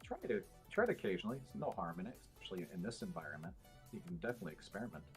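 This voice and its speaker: Low-voiced man explaining at length. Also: animated, very fast, soft background music. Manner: explanatory, many fillers and restarts. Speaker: podcast guest. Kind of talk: casual chat.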